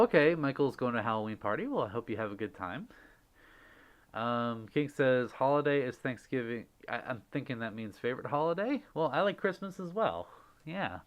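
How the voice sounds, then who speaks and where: Giggly, excitable male streamer. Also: mid-range voice. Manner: gushing, giggly, excitable, often thanking viewers. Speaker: livestream host. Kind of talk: casual livestream chat, reading viewer messages.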